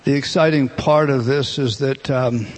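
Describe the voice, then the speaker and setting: A man's voice: mid-range voice, fairly even intonation, unhurried. A man preaching a sermon, explaining a Bible passage verse by verse as he writes words out on a board. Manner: explanatory, writing on a board as he teaches. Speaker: pastor.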